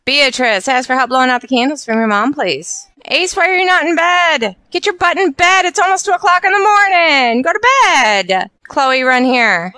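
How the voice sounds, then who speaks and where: Bright, high-voiced bossy woman gamer. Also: animated, moderate pace, hardly any pauses, no room sound. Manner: bossy, scolds game characters. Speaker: let's play host. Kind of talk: gameplay commentary.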